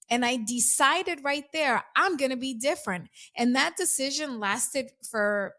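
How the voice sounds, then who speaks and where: A woman's voice: high-pitched, animated, normal speed, few pauses, fairly bright tone. A woman guest on an interview podcast, telling her life story candidly and animatedly, acting out remembered dialogue and laughing often. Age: adult, past early twenties. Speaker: guest author and coach.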